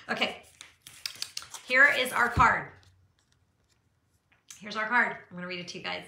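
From her art studio, a middle-aged woman hosts a casual live chat, gushing over and encouraging her viewers with plenty of fillers. Her voice is on the high side, animated and sharp, at a measured pace with long pauses, and the room sounds roomy.

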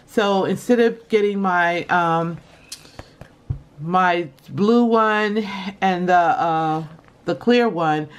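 A woman chatting casually in a shopping haul video, calling her viewers y'all and often breaking into high laughter. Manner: chatty and giggly, addresses viewers as y'all and you guys. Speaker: vlogger showing a shopping haul.

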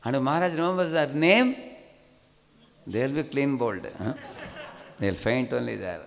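A man with an Indian English accent gives a scripture class in a chatty, questioning manner, checking in with his listeners as he goes. His voice carries a long hall reverb. His pitch sits in an ordinary middle range. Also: expressive, moderate pace, creaky, long pauses, a bit bright. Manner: conversational, frequent tag questions.

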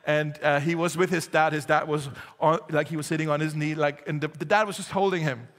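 A man's voice: fairly high pitch, fairly even intonation, fairly quick, fairly bright tone, in a large hall. A man preaching a sermon as pastor, telling stories conversationally and building to emphatic appeals. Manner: storytelling, conversational with laughs, rising to emphatic exhortation. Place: church hall.

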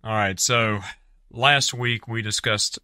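Bright, dry-toned male podcast co-host. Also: fairly low pitch, steady tone, takes it slowly, clean tone, no echo. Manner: dry, teasing asides. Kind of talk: casual chat.

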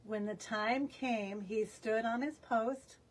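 A woman reading a picture book aloud for young children, expressive and asking them questions. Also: fairly high pitch, slow, breathy edge, recorded from a distance. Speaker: children's storyteller. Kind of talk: storytime read-aloud.

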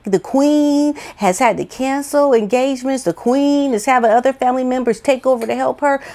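A woman's voice: a little high, a little mellow. A woman giving an indignant, incredulous opinion commentary monologue full of rhetorical questions. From United States. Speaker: vlogger, commentator.

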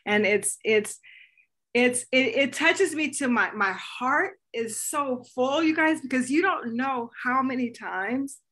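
A woman fitness coach leading a casual group video call, upbeat and encouraging, talking in quick asides. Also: high-pitched, lively intonation, a bit bright.

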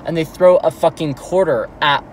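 A woman's voice: low-pitched, moderate pace. Young woman ranting in a noisy car. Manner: swearing, ranting storyteller. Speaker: vlog co-host. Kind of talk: casual chat. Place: inside a car. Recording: noisy car interior with traffic.

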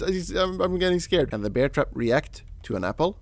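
A man commentating his horror gameplay casually, jumpy and swearing, shouting at the game character. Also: on the high side, big pitch swings, brisk, vocal fry, dry recording. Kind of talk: casual let's play commentary.

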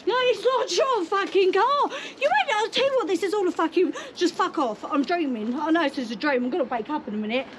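An angry woman, swearing constantly and shouting at people on her driveway outdoors. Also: animated, brisk, hardly any pauses, very noisy. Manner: furious, swearing constantly, shrill outbursts. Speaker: prank victim. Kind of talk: heated shouting argument.

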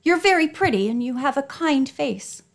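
A woman's voice: expressive, normal speed. A woman reading an audiobook voices a red-faced, furious woman who shrieks accusations of theft. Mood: apologetic. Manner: shrieking, shrill.

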